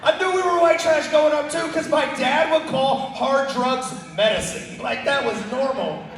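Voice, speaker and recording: A man performing a fast, animated stand-up comedy set on a club stage, with loud punchlines. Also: very high-pitched. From Texas. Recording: echoey club from far off. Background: audience laughter.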